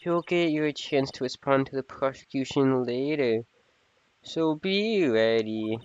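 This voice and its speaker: A man voicing a calm, composed woman lawyer mentor in a soft, slow, breathy way. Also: mid-range voice, highs cut off, close to an everyday voice.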